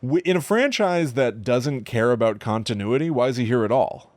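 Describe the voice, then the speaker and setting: A man's voice: mid-range voice, expressive, normal speed, a little mellow. A man co-hosting a podcast, chatting casually and wryly as he recaps a film with dry jokes. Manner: wry, chatty, recounting plot with dry jokes. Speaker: podcast co-host. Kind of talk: casual movie-review chat.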